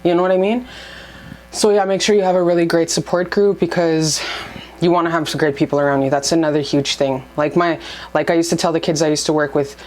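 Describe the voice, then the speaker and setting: A woman's voice: deep voice, fairly even intonation, fast, a little mellow, a little hiss or hum. A young woman giving casual spiritual advice to her camera at home, blunt and profane, and heated in bursts. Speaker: spiritual vlogger.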